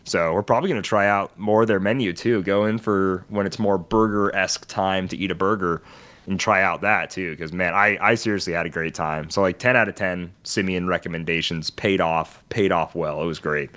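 A young man co-hosts a podcast in casual conversation, an animated storyteller who imitates the people he quotes. His voice is low and his pace brisk.

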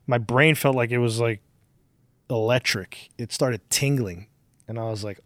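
A man's voice: mid-range voice, normal speed, no room sound, studio quality. A man in his forties hosting a podcast, telling rambling, profane stories in casual chat. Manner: rambling, profane, animated storytelling. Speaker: podcast host.

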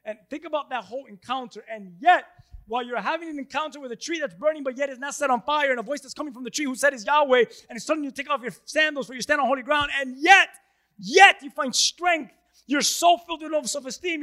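A man preaching a sermon with passion, repeating words and rising to shouts. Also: very high-pitched.

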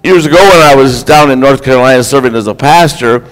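A man's voice: medium pitch, quick pace, rough recording. A man preaching a sermon as a pastor, in an earnest, exhorting delivery.

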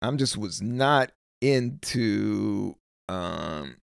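A man's voice: on the low side, expressive, very slow, creaky, clean tone, no echo, clean studio sound. A middle-aged man from the United States, a comedian hosting his own solo podcast, rambling loosely with plenty of swearing and trailing off while searching for words. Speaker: podcast host.

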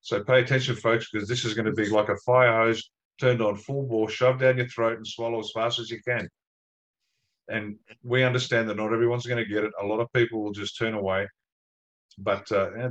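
A man's voice: lowish voice, level tone, fairly quick, a bit bright, poor audio. A man speaking earnestly to the audience in an interview and stressing his points. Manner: earnest, emphatic, addresses the audience directly. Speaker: guest. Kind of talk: casual interview talk.

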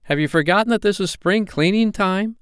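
A man's voice: high voice, big pitch swings, moderate pace, smooth, no echo, clean studio sound, pitched above the performer's own voice. A man voicing Peter Pan, an eager, commanding boy who never grows up, in a storybook reading.

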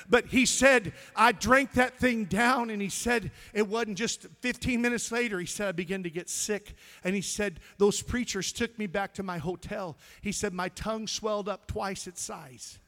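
A man preaching in a church, his voice high and bright. He tells stories, drops to a hush, then builds to shouting climaxes. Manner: storytelling preacher, swings from hushed to shouting. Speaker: pastor. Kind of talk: sermon. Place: church sanctuary.

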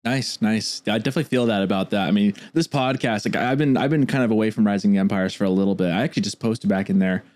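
A lively man in his thirties hosts a casual podcast. He talks in a relaxed, chatty way and often doubles up words as he gets going. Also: fairly low pitch, fast talker, few pauses. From Pacific Northwest. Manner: animated, repeats words when starting sentences. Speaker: podcast host. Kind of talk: casual chat.

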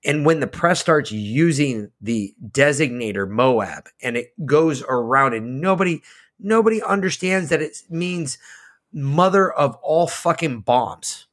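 A man's voice: a little high, animated. Man, podcast co-host, casual political chat, profane, heated, ranting. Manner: swings between loud outbursts and slow emphasis.

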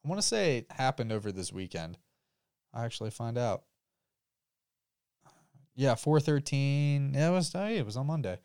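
Animated, joking young man on a podcast. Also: medium pitch, moderate pace, pauses often, clean tone, dry recording, studio quality. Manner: loose, joking, profane, says he has been drinking. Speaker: podcast co-host. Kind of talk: casual podcast banter.

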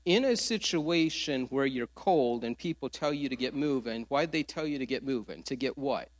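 A male pastor preaching a sermon, earnest, quoting scripture with dramatic pauses. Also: medium pitch, animated.

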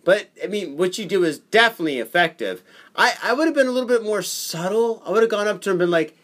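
Sarcastic, lively podcast co-host man. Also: high voice, quick pace. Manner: sarcastic interjections. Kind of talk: casual chat.

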